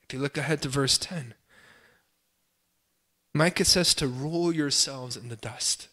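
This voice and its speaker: A young adult man, a pastor, preaching a sermon with impassioned swells and pleading cries, then dropping to quiet, self-deprecating asides. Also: mid-range voice, a little slow.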